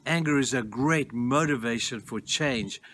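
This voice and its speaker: A man's voice: medium pitch, unhurried, fairly bright tone. A man pastor giving a devotional sermon, earnest and emphatic as he urges his listeners. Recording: noisy recording.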